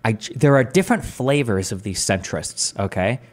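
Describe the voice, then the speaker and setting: A man's voice: lowish voice, expressive, moderate pace. A man hosting a livestream in casual debate chat. He is restless, hedging and full of questions. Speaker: streamer host.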